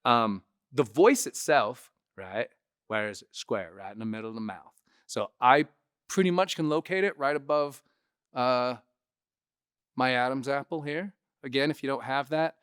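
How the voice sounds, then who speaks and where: A man's voice: mid-range voice, fairly bright tone, clean tone, no echo, studio quality. A man who is a comedian and impressionist, giving a casual tutorial and often tagging his points with "right?". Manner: chatty, keeps adding "right?" to check in.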